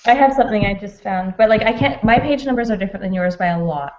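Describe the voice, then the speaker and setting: A woman's voice: medium pitch, lively intonation, quick pace, a little mellow. A young woman chatting casually in a book club discussion, talkative and laughing often. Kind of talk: casual chat. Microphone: video call. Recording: dull lo-fi sound.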